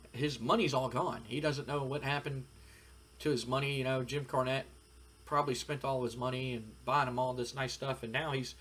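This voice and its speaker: A man's voice: mid-range voice, a bit bright, husky. A man narrating a wrestling simulation playthrough in a rambling, filler-heavy way. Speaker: game commentator. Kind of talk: let's-play narration of a wrestling sim.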